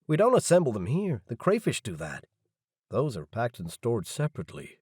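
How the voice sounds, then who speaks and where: A man's voice: medium pitch, wildly swooping pitch, moderate pace, darkish tone, breathy edge, no echo, clean studio sound. Man voicing a matter-of-fact captive man.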